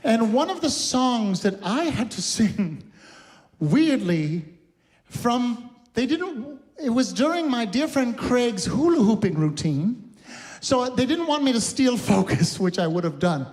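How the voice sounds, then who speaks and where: Hosting a live cabaret show in a recording studio, a man with an extremely high, sing-song voice speaks at a measured pace with a slightly mellow tone. Between songs, this cabaret singer tells chatty, campy stories and laughs often.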